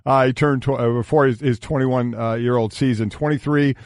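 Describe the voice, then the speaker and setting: A male sports radio co-host who reels off statistics with lots of stops and restarts. His humor runs dry and sarcastic. His voice is at a middle pitch and recorded dry and close. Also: steady tone, darkish tone, no echo. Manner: sarcastic, halting with fillers.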